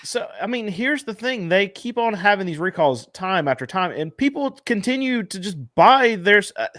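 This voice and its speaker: A man's voice: sits high, a bit bright, no room sound, clean studio sound. A man co-hosting a casual talk, chatty and self-deprecating, with some hesitant fillers. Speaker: co-host. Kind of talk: casual podcast chat.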